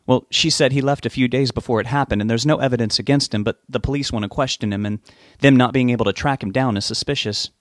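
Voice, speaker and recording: A frightened, tearful mother pleads down the phone line, as a male narrator raises his voice for her. Her voice rides higher than his usual reading, strained and urgent. The recording is close and dry. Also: fast talker, few pauses, dry recording, lightly acted. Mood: distressed. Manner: distressed, pleading, near tears. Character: worried tearful middle-aged mother on the phone.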